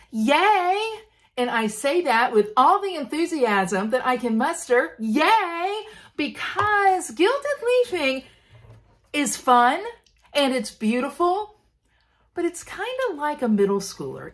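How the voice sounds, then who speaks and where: A woman's voice: fairly high pitch, big pitch swings, moderate pace. A woman hosting a casual craft demonstration, playful and bubbly with self-deprecating jokes. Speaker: craft tutorial host.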